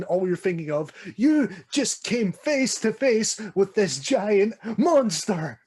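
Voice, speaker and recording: A Scottish man with a slightly high voice speaks in a casual film-chat podcast. His delivery is impassioned and emphatic, the voice of a co-host ranting with feeling.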